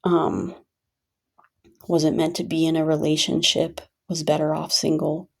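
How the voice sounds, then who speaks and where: A woman's voice: sits low, completely flat delivery, a little slow, creaky, breathy edge. A woman telling her own story in a venting vlog, talking emphatically and repeating points for stress. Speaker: vlogger.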